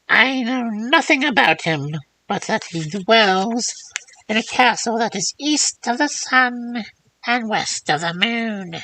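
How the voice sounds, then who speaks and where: A woman voicing an old crone in a fairy tale, with a high, cracked voice. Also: animated, slow pace, bright, forceful tone, heavily acted, poor audio. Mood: cryptic.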